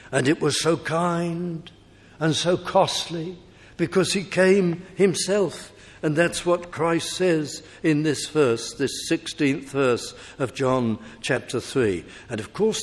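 A man preaching a sermon slowly and emphatically, his voice climbing on appeals and questions. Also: mid-range voice. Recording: long hall reverb.

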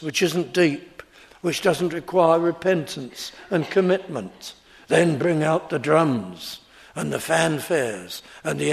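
A man preaching a sermon, slow and emphatic, asking his hearers rhetorical questions. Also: a little high.

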